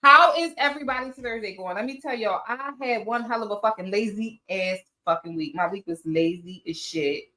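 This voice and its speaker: A woman's voice: medium pitch, moderate pace, hardly any pauses, pushed and bright, roomy sound. A woman hosting a casual livestream, greeting viewers by name and chatting loosely, sometimes swearing. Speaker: livestream host. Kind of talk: casual live chat.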